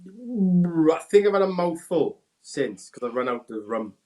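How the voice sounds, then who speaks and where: A Welsh man in his forties, a former footballer, telling animated anecdotes in casual chat and mimicking people in a raised voice. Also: unhurried. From Wales. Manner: animated anecdotes, acts out quotes in a high voice. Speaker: former footballer, podcast guest. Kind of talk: casual storytelling.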